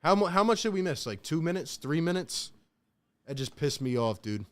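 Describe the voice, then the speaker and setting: A man's voice: on the high side, very animated, moderate pace. A young man hosting a casual live stream, calling play-by-play and reacting, talking slangy and straight to his chat from a home setup.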